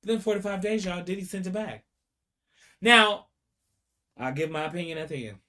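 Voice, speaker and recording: A man's voice: high-pitched, moderate pace. A man giving casual, dramatic commentary, talking straight to his viewers and acting out the people he quotes. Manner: animated and dramatic, acts out quotes, talks to viewers directly. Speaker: commentary vlogger. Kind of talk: casual commentary retelling court testimony.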